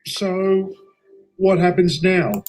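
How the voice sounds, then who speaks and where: A man's voice: high-pitched, very slow, noisy background. A man voicing a sullen, threatening male railway worker.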